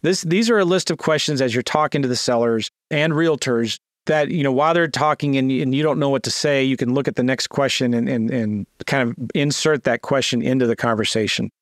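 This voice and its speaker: A man's voice: mid-range voice, fairly quick, hardly any pauses, dry recording, studio quality. A man teaching a real estate sales script, acting out seller calls with a lifted, eager voice between plain explanation and restarts. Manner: acts out phone lines in a lifted, eager voice; fillers and restarts, talks through a script. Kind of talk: screen-share teaching, casual.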